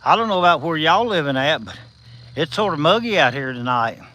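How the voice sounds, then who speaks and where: On a low-quality recording, a Southern livestream host walks at night with insects behind him, calling viewers by name in a folksy, encouraging chat. Missing his top teeth, he slurs slightly and is a little breathless. His voice is a little high, expressive, brisk, bright and forceful.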